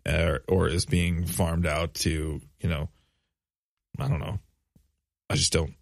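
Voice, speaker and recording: A man's voice: deep voice, fairly even intonation, takes it slowly, creaky, no echo, clean studio sound. A man in his thirties co-hosting a casual podcast, rambling with many fillers and restarts. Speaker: podcast co-host. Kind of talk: casual chat.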